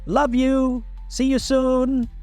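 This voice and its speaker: A man's voice: sits high, big pitch swings, brisk, vocal fry, faint music behind, pitched above the performer's own voice, exaggerated voice. A man voicing a bubbly, cheerful young wife in a spoken story. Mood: chirpy. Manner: chirpy, bright.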